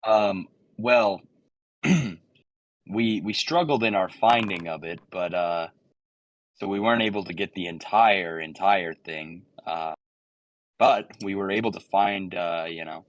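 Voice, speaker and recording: A man's voice: low-pitched, unhurried, no room sound. A young man playing a tabletop role-playing game, rambling and bluffing in character. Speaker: player.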